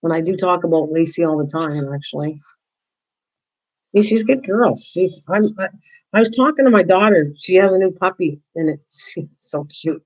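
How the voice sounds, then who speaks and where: A woman's voice: lowish voice, expressive, moderate pace, low-quality recording. An older woman hosting a craft livestream, chatting casually with viewers while she works and often restarting her sentences. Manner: chatty, answers viewers by name, frequent restarts.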